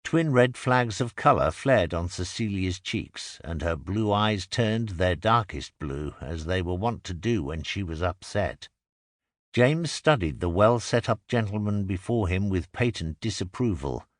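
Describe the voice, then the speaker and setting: Lively low-voiced male narrator. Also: a little slow, no room sound, studio quality. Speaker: audiobook narrator. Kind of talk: scripted narration. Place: recording booth. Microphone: close studio mic.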